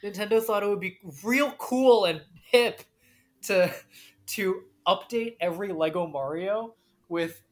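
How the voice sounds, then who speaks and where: A woman's voice: medium pitch, unhurried. A woman co-hosting a casual podcast, profane and jokey, reading news aloud between gags. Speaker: podcast co-host. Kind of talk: casual chat.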